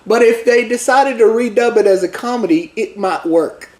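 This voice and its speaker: A man's voice: high-pitched, moderate pace, darkish tone. A man hosting a casual podcast chat, telling a rambling, jokey movie recap with lots of asides. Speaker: podcast co-host. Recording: roomy echo.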